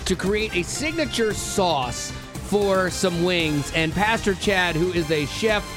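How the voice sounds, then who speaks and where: A male radio host with a notably high voice, upbeat and joking as he runs the segment from a studio. Soft music plays under his casual banter. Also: expressive, slow.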